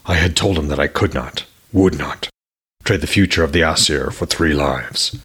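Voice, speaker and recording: A man's voice: very deep voice, moderate pace, fairly bright tone, husky, exaggerated voice. A man voicing a troubled male king of the gods, speaking grimly and shaken in a storybook reading. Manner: grim, shaken.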